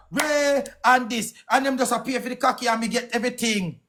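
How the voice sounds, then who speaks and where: A man's voice: very high voice, a bit bright, slight background noise. A man with a Jamaican accent delivering a heated, accusing rant on a live stream, firing off questions. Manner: angry, accusing, rapid-fire questions.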